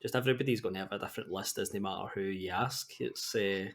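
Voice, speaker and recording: A man's voice: lowish voice, fast. A man co-hosting a podcast, explaining things in an easygoing way with fillers. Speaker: podcast co-host. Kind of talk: casual chat.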